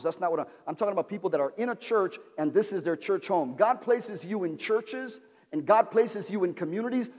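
A pastor preaches to his congregation in a high, ringing voice, repeating phrases and calling for amens as he builds to shouts. The sound carries a long reverb from the large church sanctuary where he stands. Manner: call-and-response preaching, repetitive, rising to shouts. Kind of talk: sermon.

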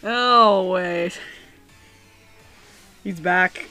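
A woman's voice: lowish voice, lively intonation, moderate pace, a bit bright, faint music behind. A woman giving casual, joking commentary as she plays a video game, often laughing and reading game text aloud. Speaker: video game let's player.

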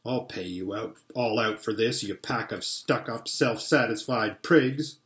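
A man's voice: high-pitched, expressive, a little slow, pitched above the performer's own voice. A man voicing a sulky, spiteful younger schoolboy in a storybook reading, sly and sneering, in a roomy-sounding space. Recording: roomy echo.

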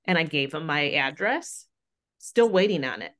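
A woman's voice: low voice, expressive, normal speed, fairly bright tone. A woman guest, a grief counselor, earnestly recounting her experiences in a casual conversation. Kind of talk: casual chat.

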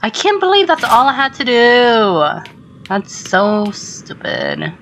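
A woman commenting on her own gameplay, excitable and swearing, with startled shrieks. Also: a little high, takes it slowly, slight background noise, low-quality recording. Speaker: gamer. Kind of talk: let's play commentary.

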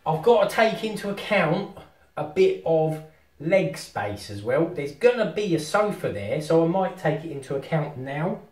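A man, vlogging casually as he sets up VR at home and talks to himself excitedly. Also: fairly high pitch, normal speed, distant mic. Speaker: tech vlogger. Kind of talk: casual vlog commentary while setting up VR. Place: house with rooms on two floors. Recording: roomy home room, voice often off-mic.

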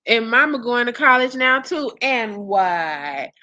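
A woman with a bright voice hosts reaction commentary. She talks slowly, exclaiming and sounding amused. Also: on the high side, very animated, highs cut off. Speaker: commentary channel host.

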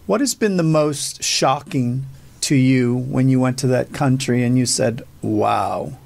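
A male host asking calm, reflective interview questions. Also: medium pitch, measured pace, gravelly, dry recording. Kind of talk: interview conversation.

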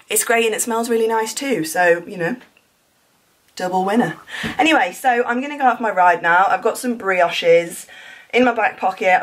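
A woman's voice: mid-range voice, poor audio. A young woman, chatting casually to camera in an upbeat, breathless way as a cycling vlogger. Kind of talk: casual vlog chat to camera.

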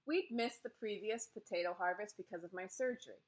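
A woman narrating a novel in the first person, steady and clear. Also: mid-range voice, a little fast. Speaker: audiobook narrator.

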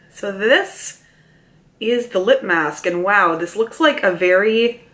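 A chatty woman talks to the camera from home, reviewing a beauty product. She reads the details aloud, adds playful asides and lets her pitch jump around. Her voice carries a mild cold. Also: a bit bright. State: mild cold, mouth breathing. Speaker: beauty vlogger.

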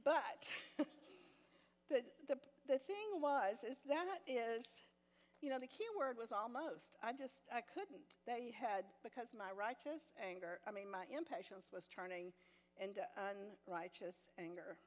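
An older woman with a fairly high voice teaches a women's Bible study. She tells a personal story with self-deprecating humor and laughs often. Her voice carries with a long echo through a church hall. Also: measured pace.

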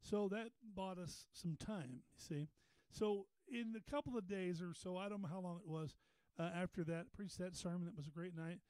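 Man, high-pitched voice, folksy sermon storytelling, stumbling repeats, dry room. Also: normal speed, few pauses, a little mellow, clean tone, no room sound, poor audio. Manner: folksy, repeats words, rises to a preaching pitch. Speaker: pastor. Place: Bible study meeting room.

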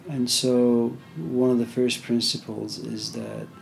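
A man's voice: mid-range voice, little pitch movement, slow pace, creaky, soft background music. A man giving an informal philosophy lecture, talking conversationally with many "you know"s and story asides.

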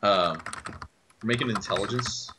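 A man running a tabletop game as game master, narrating scenes with frequent ums and pauses. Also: lowish voice, background noise. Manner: hesitant, many ums while describing scenes.

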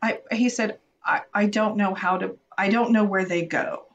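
A forties-aged podcast co-host spins a self-deprecating personal story in a laid-back parenting conversation. Her medium-pitched voice moves at a moderate pace with fairly even intonation, and the recording sounds muffled.

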